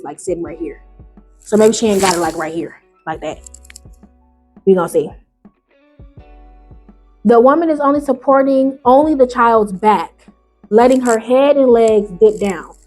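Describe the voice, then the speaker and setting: Reading online stories aloud on YouTube, a woman host reacts in animated, slangy, casual talk and answers back to the story. She swings between loud high bursts and low mutters.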